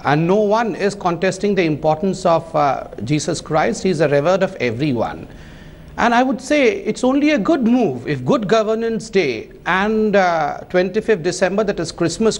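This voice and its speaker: Emphatic high-voiced party spokesman. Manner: emphatic, defensive. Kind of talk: political debate.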